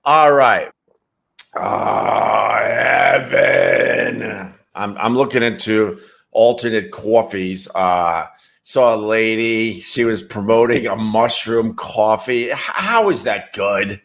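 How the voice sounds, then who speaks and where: A man's voice: lowish voice, sing-song, takes it slowly, creaky, a bit bright. A man hosting a casual livestream, reading chat messages and rambling wryly with casual swearing. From New York.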